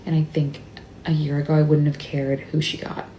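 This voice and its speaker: A woman sharing a personal story in an emotional confessional video, upset and near tears, talking haltingly and often dropping to a whisper. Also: deep voice, level tone, dark tone, a little hiss or hum. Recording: echoey room.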